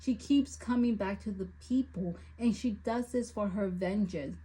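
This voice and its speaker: A woman's voice: medium pitch, a little slow, dark tone, slightly rough, low-quality recording. A woman recapping and reviewing a book, often exasperated and ranting at the story's choices.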